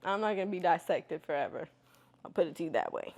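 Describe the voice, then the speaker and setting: A young woman chatting candidly as she answers viewer questions, filling her talk with "like" and "you know" and getting loud and lively when she tells a story. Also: on the low side, fast talker, creaky. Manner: gets loud and animated when telling stories. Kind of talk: casual Q&A chat.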